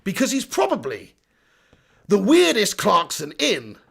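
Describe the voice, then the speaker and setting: A man's voice: high-pitched, wildly swooping pitch, a little slow, gravelly, a bit bright, slightly rough, exaggerated voice. Man doing a plummy posh English presenter. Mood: pompous. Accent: attempted posh southern English.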